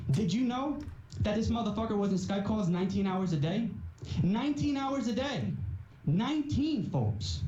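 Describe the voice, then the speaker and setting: A man's voice: high-pitched, animated, moderate pace, mellow. Heated, profane man ranting. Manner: repeats points with rising emphasis. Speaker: livestreamer. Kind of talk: angry callout rant on a livestream. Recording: muffled, roomy echo, faint hiss.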